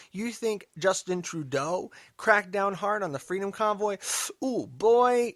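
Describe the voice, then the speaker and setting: A man hosting a political commentary podcast, emphatic and sarcastic, dropping to mutters and then rising loud. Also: a little high, dry recording. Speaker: podcast host.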